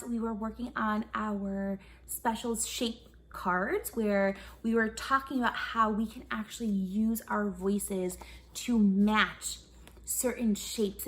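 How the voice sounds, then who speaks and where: A woman's voice: a little high, a bit bright. Upbeat young woman teaching kids music. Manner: upbeat, encouraging, asks kids questions. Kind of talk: online kids' music lesson.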